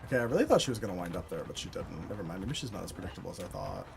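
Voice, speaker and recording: A woman streamer giving chatty, expressive live commentary while she plays, full of quick reactions and playful complaints. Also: extremely low pitch, creaky, music in the background.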